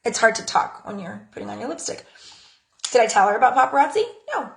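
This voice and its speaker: A woman's voice: lively intonation, fast talker, vocal fry. A woman in her thirties giving casual social media tips for her jewelry business, chatty and acting out little conversations. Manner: chatty, acts out conversations in a high bright voice. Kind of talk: casual talk to camera. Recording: echoey room.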